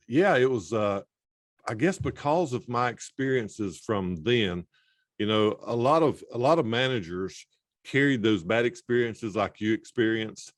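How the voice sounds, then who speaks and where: In a lowish voice recorded with studio quality and no echo, a male sales trainer answers casually as a podcast guest. He speaks hesitantly and reflectively, using many fillers.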